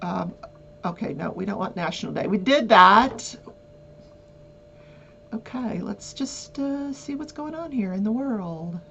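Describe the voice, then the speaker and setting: A woman's voice: animated, measured pace, vocal fry, long pauses, fairly bright tone, muffled recording, a little hiss or hum. A woman hosting a crafting talk show, chatting casually and rambling with many fillers and restarts. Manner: jumps to high squeals when acting out her own reactions. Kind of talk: casual chat.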